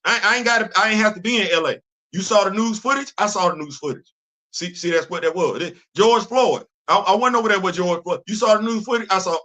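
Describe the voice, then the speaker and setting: A middle-aged man talks through a casual streamed monologue, circling back and repeating his points emphatic slang. His voice sits high for a man and rings bright and forceful. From Bronx, New York, USA. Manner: conversational, repeats and restarts, street slang, emphatic. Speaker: show host. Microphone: streaming setup.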